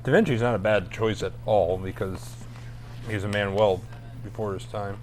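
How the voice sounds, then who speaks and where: A man on a casual chat show, giving thoughtful, measured answers. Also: fairly low pitch, fairly even intonation, a little mellow, a little hiss or hum.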